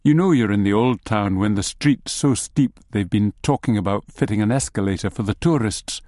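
A man narrating a story in the second person, with a measured, wry delivery. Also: lowish voice, dark tone, dry recording, studio quality.

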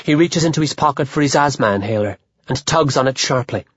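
A man narrating a literary audiobook in a measured, even manner. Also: medium pitch, a little hiss or hum. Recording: dull lo-fi dry audio.

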